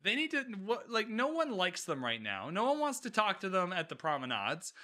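A man hosting a casual solo podcast recap, animated and sarcastic, swearing freely and laughing often. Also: sits high, normal speed. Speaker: podcast host recapping a TV episode.

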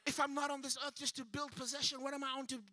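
A man preaching a sermon as pastor, swinging between loud shouted passages and hushed near-whispers and acting out quoted voices. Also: very high-pitched, little pitch movement, fast, no room sound.

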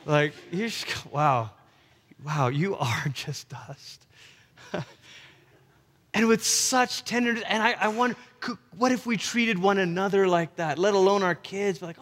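A male pastor preaching a sermon in a conversational way, slipping into gentle acted-out quotes. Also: sits high, a little slow. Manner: conversational, acts out tender quoted lines. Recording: long reverb of a large hall.

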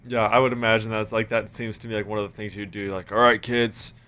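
A man's voice: on the low side, little pitch movement, fast talker, fairly bright tone, a little hiss or hum. A man chatting casually as a podcast co-host, laid-back and full of fillers. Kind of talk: casual chat.

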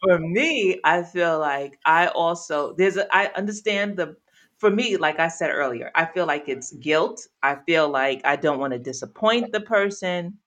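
A woman's voice: lowish voice, animated, measured pace, a bit bright. A woman co-hosting a casual chat with her sister, thoughtful and acting out the quotes in her stories. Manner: reflective, acts out quotes with a raised voice. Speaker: podcast co-host.

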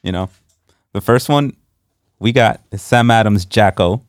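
A man co-hosting a casual podcast, easygoing and quick to laugh, in an indoor room with friends. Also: lowish voice, no echo, studio quality. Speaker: podcast co-host. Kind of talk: casual chat.

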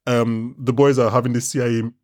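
A man hosting a casual podcast, rambling and animated, swearing freely. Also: medium pitch, fairly quick, dry recording, clean studio sound. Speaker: podcast host. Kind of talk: casual chat.

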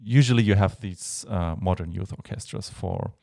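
German-accented male guest, lowish voice, hesitant and friendly. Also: moderate pace, creaky, darkish tone. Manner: hesitant, many fillers, laughs often. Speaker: guest, Baroque violinist. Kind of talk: casual interview chat.

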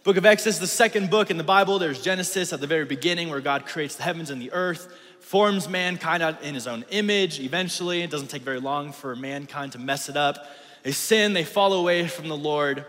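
A man's voice: on the high side, brisk, a bit bright. A young man preaching to a youth group in a casual, slangy way, getting the crowd to repeat words back to him. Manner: casual slangy, call-and-response with audience. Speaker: youth pastor. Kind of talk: youth ministry sermon. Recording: reverberant hall.

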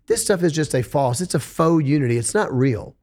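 A man speaking as a podcast guest in a conversational interview, an animated storyteller who repeats words when he gets going. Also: on the high side, a little fast. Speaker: podcast guest, rock singer.

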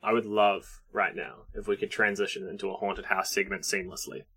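A man's voice: fairly low pitch, little pitch movement, fairly quick, sharp tone, breathy edge. A man co-hosting a comedy podcast, playful and telling little stories while improvising. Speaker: podcast co-host.

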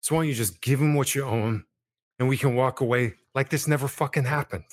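A man's voice: mid-range voice, fast. A man playing a tabletop role-playing game, talking casually and in character. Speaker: player.

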